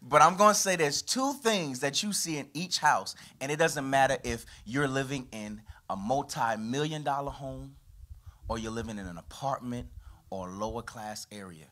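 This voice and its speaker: A man, a pastor preaching a lively sermon to his congregation, his voice rising and falling from loud to quiet. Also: normal speed. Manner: animated preaching with sweeping pitch and volume. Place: church.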